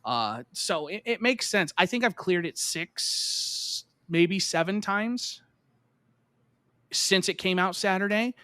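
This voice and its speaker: A man's voice: high voice, animated, slow, sharp tone, clean tone, no echo. A man co-hosting a podcast in casual gaming chat, rambling with lots of "like" and swearing, and getting heated and emphatic when he rants. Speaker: podcast co-host.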